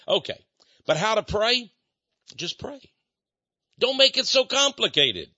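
Older male preacher, conversational and animated, laughs a lot; lo-fi dry recording. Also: sits high, unhurried, no echo. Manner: chatty, laughs often, acts out quoted voices. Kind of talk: folksy informal preaching.

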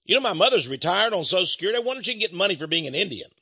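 A man's voice: sits high, sing-song, rapid-fire, pushed and bright, breathy edge, no echo, muffled recording. A middle-aged man hosting a rambling talk-radio monologue in a folksy, confiding way, chuckling between points.

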